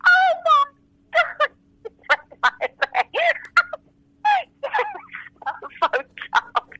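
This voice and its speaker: A woman in her forties whose first language is French, telling stories as an interview guest in an animated, enthusiastic way, often acting out what people said. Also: fairly high pitch, no echo, rough recording. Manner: animated, enthusiastic, acts out quotes. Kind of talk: casual interview storytelling.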